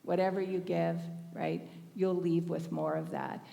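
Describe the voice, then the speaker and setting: Woman speaker, sermon by anecdote, chatty with frequent laughs, fry in the voice. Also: fairly low pitch, very animated, measured pace, in a large hall. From Northern California. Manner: conversational, laughs often, warm anecdotes. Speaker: speaker at a spiritual thanksgiving service. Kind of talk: storytelling sermon.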